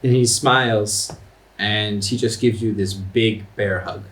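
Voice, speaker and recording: A man's voice: lowish voice, steady tone, unhurried, fairly bright tone. Male game master narrating.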